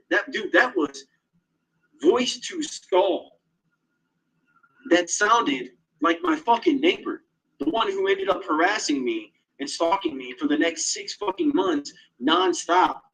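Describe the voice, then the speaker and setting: A man's voice: high voice, huge pitch swings, unhurried, vocal fry, a bit bright, breathy edge, low-quality recording. A man in an agitated, profane monologue, swearing constantly as he tells his story. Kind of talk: casual monologue.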